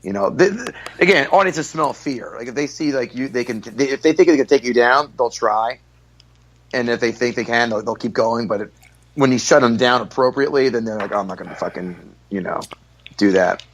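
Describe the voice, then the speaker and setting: A man guest comedian talks fast and loud on a podcast, pushing forward with blunt, profane stories. His voice sits at a middle pitch and comes across direct and forceful. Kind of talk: casual podcast storytelling.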